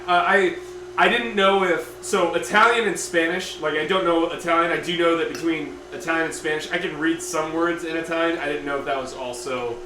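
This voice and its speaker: Man, cooking stream host, casual chat, slightly higher voice, distant mic, echoey kitchen. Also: background noise. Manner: chatty, reads out viewer comments, lots of fillers. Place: home kitchen.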